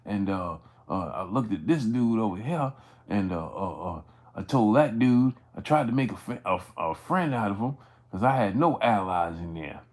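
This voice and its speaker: A man's voice: lowish voice, expressive, moderate pace, a little mellow. Male sports streamer, casual and rambling, full of fillers and restarts, keeps breaking off to greet chat viewers by name. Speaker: sports channel host. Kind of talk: casual livestream storytelling.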